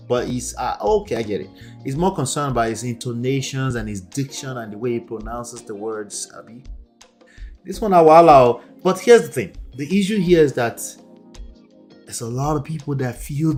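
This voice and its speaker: A man's voice: mid-range voice, a little mellow. A man reacting to clips as a relationship coach, emphatic and repetitive, laughing between points. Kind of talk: casual reaction commentary.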